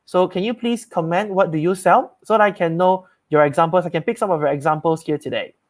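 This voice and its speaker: A man's voice: high voice, fairly quick. Upbeat man coaching sales. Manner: upbeat, emphatic, repeats key phrases. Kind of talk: live-streamed sales training talk.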